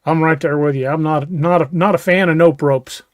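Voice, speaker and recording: A man's voice: fairly high pitch, steady tone, normal speed, no room sound. A man co-hosting a podcast, telling stories in a folksy way and often restarting his words. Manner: folksy storyteller, stammers on restarts. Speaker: podcast co-host. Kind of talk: casual chat.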